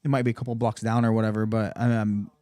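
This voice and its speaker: A man's voice: fairly low pitch, flat delivery, quick pace, dark tone, no echo. A man telling a long personal story in casual podcast chat, full of profanity and acted-out quotes in a raised voice.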